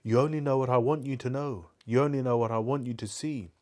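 A man's voice: medium pitch, fairly even intonation, quick pace, a little mellow, pitched above the performer's own voice, close to an everyday voice. A man voicing a guarded young woman gamer in a live book reading, speaking firmly in a raised voice.

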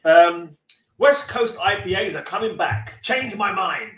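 A man's voice: sits high, animated, a little slow, a bit bright, recorded from a distance, faint music behind. A man with a Cockney accent, hosting a casual beer-tasting podcast, joking, rambling and swearing freely. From East End of London. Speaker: podcast co-host. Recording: roomy echo.

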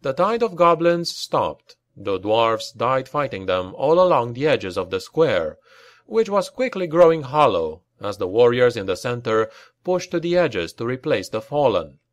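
A man narrating a fantasy battle audiobook with slow, deliberate reading and acted dialogue. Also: medium pitch, no echo.

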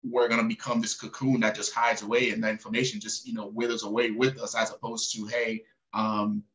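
Middle-aged male guest, low flat voice, earnest and agreeable. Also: a little fast, poor audio. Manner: earnest, agreeable, many fillers. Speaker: guest, Navy SEAL. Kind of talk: casual conversation.

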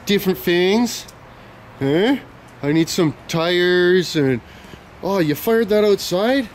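A young man vlogging outdoors on a handheld camera, rambling and joking loudly with plenty of slang and swearing. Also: high voice, lively intonation, takes it slowly, slight background noise. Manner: loud, profane, joking banter with lots of slang. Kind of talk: casual rambling vlog chat.

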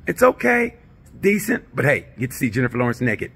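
A man hosting a short comedic movie review, telling the story in an animated way and acting out the voices. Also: mid-range voice, quick pace, breathy edge.

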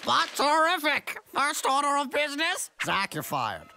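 A sly cartoon henchman who sweet-talks his marks, voiced by a woman. The voice is gravelly and swoops wildly in pitch, stretching each word. Cartoon music plays underneath. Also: huge pitch swings, pushed and bright, exaggerated voice. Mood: smarmy. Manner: oily, slick, drawn-out sweet talk. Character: sly, smarmy villain's henchman. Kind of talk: cartoon voice acting.

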